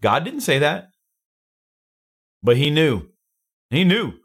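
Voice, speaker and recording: A man's voice: on the high side, very animated, slow pace, slightly rough. A man hosting a daily devotional, preaching with fervor and repeating phrases for emphasis. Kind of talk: energetic daily devotional sermon.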